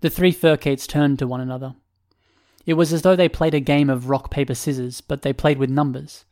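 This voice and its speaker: This is scripted audiobook narration by a man. His pitch sits in the middle range, and he reads in a steady, measured way.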